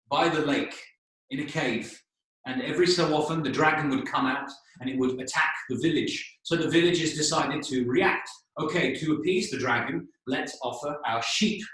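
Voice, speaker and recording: A man teaching English, telling a story for learners, explaining slowly, spelling out words and checking in with "okay?". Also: on the high side, a bit bright. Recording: echoey room, voice a bit distant.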